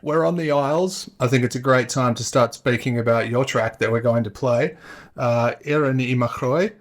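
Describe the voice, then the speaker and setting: A man's voice: medium pitch, moderate pace. A man co-hosting a podcast, joking and rambling in a casual, self-mocking way while interviewing a guest. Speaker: podcast co-host.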